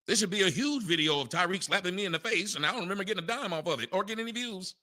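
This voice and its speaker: A man hosting an online audio chat, ranting loudly in a mocking, incredulous way. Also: high voice, lively intonation, rapid-fire. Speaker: show host. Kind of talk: heated online audio rant.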